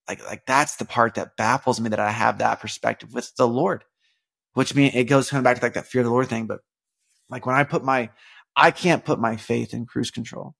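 Gravelly earnest man in devotional talk. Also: mid-range voice, moderate pace. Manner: rambling and earnest, many fillers and restarts, bursts of animated emphasis. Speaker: podcast host. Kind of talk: casual devotional podcast talk.

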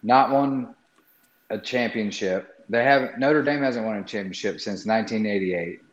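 A man's voice: on the low side, normal speed. A man giving blunt, skeptical opinions on a college football hire in casual sports talk. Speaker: sports podcast panelist. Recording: echoey muffled room mic.

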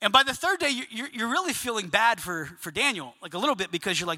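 A man preaching a sermon to his congregation, telling a story with lively asides and questions to the listeners. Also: very high-pitched, fast, hardly any pauses. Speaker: pastor. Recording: long reverb of a large hall.

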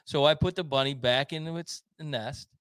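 A man's voice: a little high, moderate pace, a bit bright, clear, resonant tone, no room sound. Rambling man chatting, many fillers. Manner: rambling storyteller, many fillers and restarts, laughs often. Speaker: podcast co-host. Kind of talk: casual chat.

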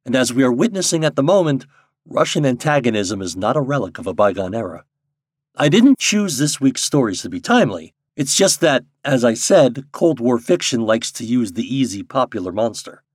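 A man hosting and narrating an audio magazine of fiction in a measured, deliberate reading. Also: mid-range voice, very animated, dry recording, clean studio sound. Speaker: host and narrator.

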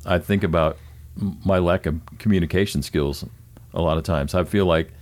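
A man's voice: sits low, normal speed, darkish tone. A man talking casually and earnestly as a pastor. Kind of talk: casual chat.

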